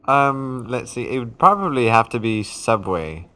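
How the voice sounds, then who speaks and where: Brief: man playing a bright, lively prim British gent, put-on accent, giggly. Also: medium pitch, a little slow, a little hiss or hum. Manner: dry, prim agreement, giggly. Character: prim British gentleman, adult man, agreeable. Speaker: podcast co-host. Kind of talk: comedic podcast character chat.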